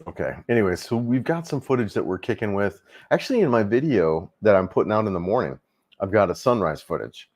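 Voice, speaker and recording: A man's voice: lowish voice, animated, a little fast, darkish tone. A middle-aged man hosting a casual travel livestream, rambling easily with lots of fillers and restarts.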